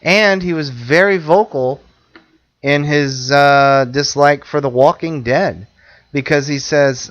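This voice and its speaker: A man co-hosting a podcast in casual chat, jokey and quick to cut in with laughs and asides. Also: on the high side, fairly bright tone, no echo, lo-fi sound. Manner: chatty, jokey, interjecting, laughs often. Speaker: podcast co-host.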